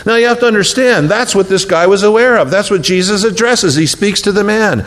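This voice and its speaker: A middle-aged male pastor preaching a sermon, moving between raised, emphatic declarations and low, hushed, tender passages. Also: fairly quick. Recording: long hall reverb, faint rumble.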